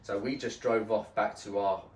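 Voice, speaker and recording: Low-voiced man telling a story, roomy sound. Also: moderate pace, far from the mic. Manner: animated, swears often, acts out the people in his story. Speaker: podcast host. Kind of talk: casual storytelling.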